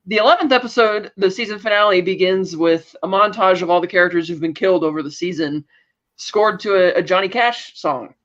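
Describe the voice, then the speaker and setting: A man's voice: sits high, brisk, fairly bright tone, muffled recording. A man co-hosting a podcast, casually recapping a TV episode and loosely paraphrasing what the characters say. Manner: loose retelling, paraphrasing characters' lines with "blah, blah, blah". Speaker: podcast co-host.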